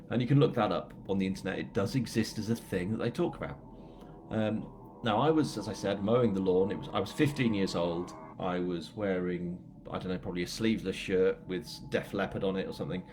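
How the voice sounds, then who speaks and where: A northern English man with a fairly low voice talks casually at a live book launch, rambling through a story with self-mocking asides. A faint noise sits under his voice. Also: darkish tone. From England.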